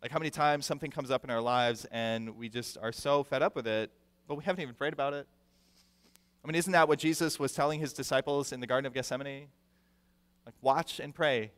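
A male pastor preaching a sermon with animated delivery, acting out the people he quotes and repeating words for emphasis. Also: medium pitch, fast talker, clean tone. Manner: animated, acts out quoted voices; repeats words when stressing a point. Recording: long reverb of a large hall.

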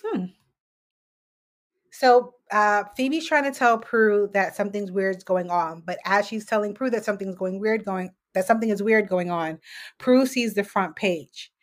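A woman's voice: mid-range voice, unhurried. A woman co-hosting a casual podcast, recapping a TV episode scene by scene and acting out the characters' lines with casual swearing. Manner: animated, acts out quotes, swears casually. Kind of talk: casual chat.

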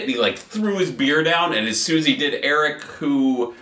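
A man from a band, a stand-up comic on the side, spins a story with a bright, lively voice. His pitch leaps around as he acts out the scene, and the room around him rings noticeably. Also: quick pace, roomy sound. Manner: animated, laughing storyteller doing voices. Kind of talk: casual storytelling.

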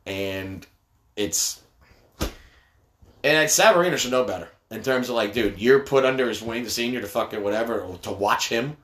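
A man's voice: medium pitch, animated, normal speed, fairly bright tone. A middle-aged man, a father, talking bluntly and swearing a lot in casual banter with his teenage son. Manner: blunt, heavy swearing, teasing. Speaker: father, podcast co-host. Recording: echoey room.

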